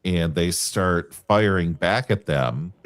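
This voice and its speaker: A man with a very deep voice talks earnestly and with enthusiasm, breaking off and restarting as he goes. His sound is dry and close, with no room around it. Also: slow, no room sound. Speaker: co-host. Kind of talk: casual live review chat.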